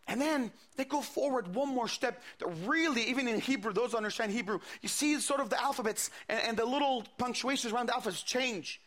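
A man's voice: very high voice, animated, fairly quick, bright, forceful tone. A man preaching a sermon, retelling a scripture story with quoted dialogue and frequent repeated words.

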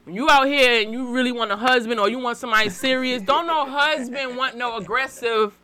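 A woman's voice: a little high, a little fast, pushed and bright, a little hiss or hum. A woman with a New York accent, a podcast guest and fashion designer, talking bluntly with slang and laughter. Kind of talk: casual podcast chat.

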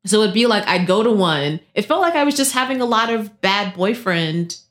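A woman in her thirties co-hosting a podcast, chatting casually and acting out quotes with big jumps in pitch. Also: moderate pace. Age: 30s. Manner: animated storyteller, acts out quotes with pitch jumps. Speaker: podcast co-host. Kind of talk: casual chat.

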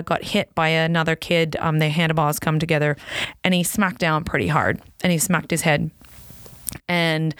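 A woman in her thirties tells a family story in a relaxed, chatty way, full of fillers and sudden excited leaps in pitch. Her usual voice sits on the low side. The recording is dry and close, with no room sound. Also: no room sound. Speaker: podcast host, racer's wife and mother. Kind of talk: casual personal storytelling.

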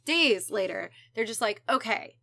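A woman with a bright, lifted voice tells a true crime story to a friend. She talks casually, swears freely and slips into quick voices for the people in the story. Her pitch sits a little high. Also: no echo, studio quality. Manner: casual, profane, acts out quotes. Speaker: podcast host telling a true crime story.

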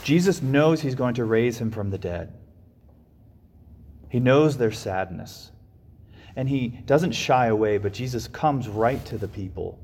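A man's voice: medium pitch, lively intonation, measured pace, long pauses, darkish tone, husky, big-room sound. A man giving a reflective sermon, often restarting and repeating his phrases. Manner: reflective, with frequent restarts and repetitions. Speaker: preacher.

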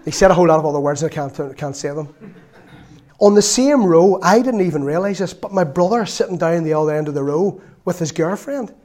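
High-voiced Northern Irish preacher telling stories. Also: male voice, a little fast. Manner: lively storytelling, acts out voices, laughs often. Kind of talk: sermon with personal story.

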